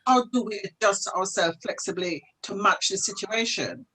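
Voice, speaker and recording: A woman's voice: medium pitch, normal speed, pushed and bright, husky, poor audio. A woman, a guest speaker on a webinar, making her points earnestly and emphatically over a video call. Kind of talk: webinar talk.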